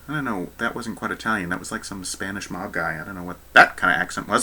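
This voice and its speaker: A baritone singer talking through an opera recording in a casual, enthusiastic way, with plenty of ums and uhs. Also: male voice, fairly quick, pushed and bright. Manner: chatty and enthusiastic, many fillers. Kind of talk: casual commentary on an opera aria.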